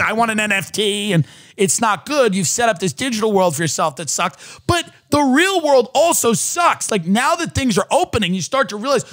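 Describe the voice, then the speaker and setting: A man's voice: high-pitched, fairly bright tone, no echo, studio quality. A man in his thirties, a podcast host from the United States, ranting sardonically in a comedic monologue. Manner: sardonic ranting, mocking voices.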